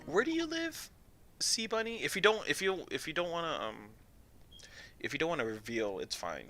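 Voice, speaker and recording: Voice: medium pitch, very animated, moderate pace, bright, forceful tone, soft background music. Hesitant, rambling game streamer. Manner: hesitant, rambling, self-deprecating. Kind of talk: let's-play reading and chatting with viewers.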